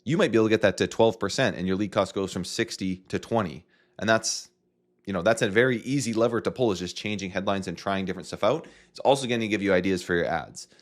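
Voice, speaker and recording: A man's voice: lowish voice, fast talker. A man with a Canadian accent, casually walking through a marketing tutorial with joking asides. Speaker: marketing coach. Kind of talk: screen-share tutorial.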